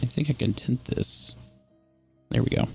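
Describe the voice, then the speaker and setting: A man's voice: moderate pace, a little mellow, faint music behind. A man running a tabletop game as game master, rambling and laughing often.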